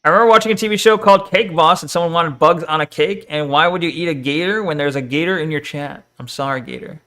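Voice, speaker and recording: A man's voice: a little high, fast, sharp tone. A man casually chatting and joking while streaming a game, reading chat aloud and swearing now and then. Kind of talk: casual live game commentary.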